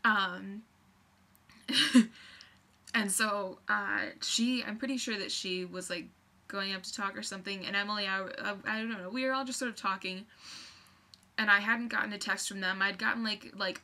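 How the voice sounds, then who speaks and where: A young woman telling a story on her vlog, excitable and rambling, full of fillers and restarts. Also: medium pitch, moderate pace. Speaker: vlogger.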